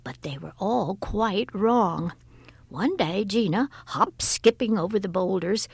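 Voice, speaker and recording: A woman reads a folk tale aloud with a gravelly voice. She is expressive and often sinks to a breathy whisper, and her voice sounds dry and close with no room echo. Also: medium pitch. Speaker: storyteller. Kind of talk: storybook reading.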